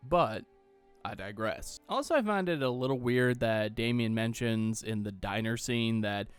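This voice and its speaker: A man's voice: fairly low pitch, unhurried, clean tone, dry recording, faint music behind. A young man from Austin, Texas giving a sarcastic, exasperated solo movie rant, swearing freely. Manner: mocks dialogue in silly voices. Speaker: movie reviewer. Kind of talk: ranting solo commentary.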